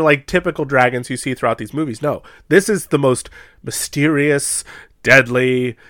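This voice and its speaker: A young man co-hosting a podcast, telling a story in a casual, animated way with plenty of laughs. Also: mid-range voice, no echo, clean studio sound. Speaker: podcast co-host. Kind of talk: casual chat.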